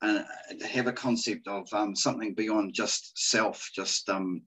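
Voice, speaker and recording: A man's voice: on the low side, measured pace, a bit bright, slightly rough, rough recording. A man, a school principal, speaking thoughtfully and with hesitation in a podcast interview. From New Zealand. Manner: thoughtful, hesitant, many fillers.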